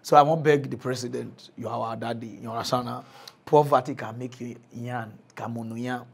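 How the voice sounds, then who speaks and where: A man hosting a comic mock news show in Nigerian Pidgin, chatty and pleading, breaking into animated shouting. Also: medium pitch, fairly quick, vocal fry, slightly rough.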